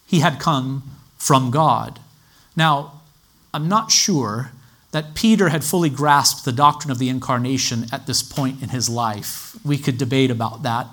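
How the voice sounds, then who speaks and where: Measured male Bible teacher. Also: medium pitch, a bit bright. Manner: measured and explanatory, citing scripture references. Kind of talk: teaching sermon.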